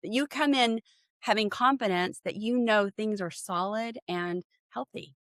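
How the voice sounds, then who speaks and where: A middle-aged woman speaks as a podcast guest in an earnest, heartfelt way, slipping into patients' voices as she tells her stories. Her voice sits at an ordinary pitch. The sound is close and dry, with no room around it. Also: a little slow, dry recording. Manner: warm, earnest storyteller who acts out patient exchanges. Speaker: dental consultant, guest. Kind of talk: conversational podcast interview.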